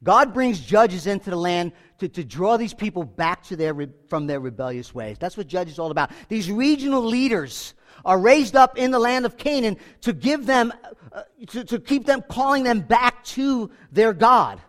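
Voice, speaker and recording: Animated male preacher with a high voice, casual sermon delivery, acts out bits of dialogue. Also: moderate pace. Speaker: pastor.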